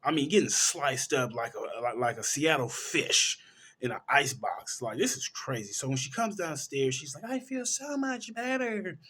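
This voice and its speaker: Husky man animatedly recapping a movie. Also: medium pitch, normal speed. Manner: animated storytelling, correcting himself mid-sentence. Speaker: film reviewer. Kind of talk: casual movie plot recap.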